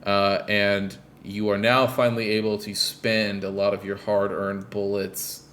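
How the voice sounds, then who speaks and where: A man co-hosting a podcast in loose, casual chat. His voice sits on the low side, and he rambles along with plenty of fillers and the occasional swear word. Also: level tone, measured pace, fairly bright tone, a little hiss or hum. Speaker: podcast co-host.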